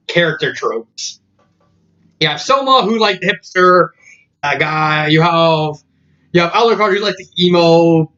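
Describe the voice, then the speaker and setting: A man's voice: a little high, a bit bright. A man casually reviewing a story, laughing often in disbelief and using many fillers. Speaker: fan fiction reviewer. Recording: dull lo-fi audio.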